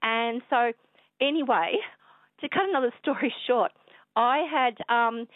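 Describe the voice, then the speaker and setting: An Australian woman calling a radio show, telling a rambling, excitable story full of fillers. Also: a little high, a little slow, no echo. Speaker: caller. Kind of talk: rambling phone call to radio. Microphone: telephone. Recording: tinny phone line.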